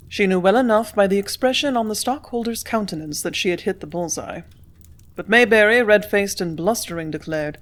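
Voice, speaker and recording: A woman narrating a classic novel as an audiobook. Her reading is steady and clear, with a mid-range voice. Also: medium pitch, brisk. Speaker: audiobook reader.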